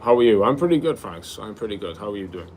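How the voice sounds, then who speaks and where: A young man with a slightly low voice hosts a relaxed livestream, reading viewers' comments aloud and answering them casually. He talks in an easygoing way and often calls people bro. A faint ambient hum sits behind his voice. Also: quick pace. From Wales. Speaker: livestream host.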